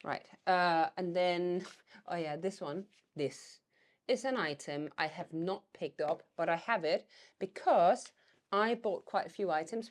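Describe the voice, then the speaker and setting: A woman's voice: fairly low pitch, darkish tone. A woman vlogging about reselling vintage decor, chatting casually and thinking aloud as she goes. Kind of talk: casual vlog chat.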